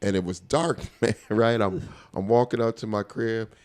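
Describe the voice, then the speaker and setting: A man, a stand-up comedian guest telling animated stories in a casual interview, often acting out the people he quotes. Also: lowish voice, moderate pace. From Colorado. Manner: animated storyteller, acts out quoted voices, laughs often.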